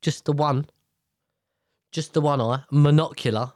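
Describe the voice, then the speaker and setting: A man's voice: fairly high pitch, unhurried, darkish tone, no room sound, studio quality. A man hosting a solo podcast from a table at home, rambling in casual chat, swearing freely and often restarting his sentences. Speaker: podcast host.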